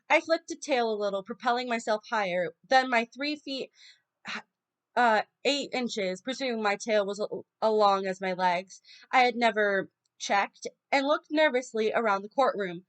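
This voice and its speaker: A woman's voice: on the high side, normal speed, a bit bright. A woman casually reading a children's novel aloud, stumbling and correcting herself often. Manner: informal reading with frequent stumbles. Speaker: audiobook reader.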